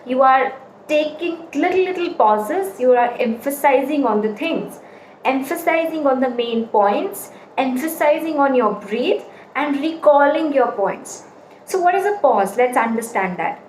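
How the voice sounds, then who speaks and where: A woman's voice: sits high, lively intonation, unhurried. A woman giving a casual spoken lesson on public speaking, stressing her points with repeated examples. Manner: explains with repeated examples, emphatic. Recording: echoey room, faint ambient noise.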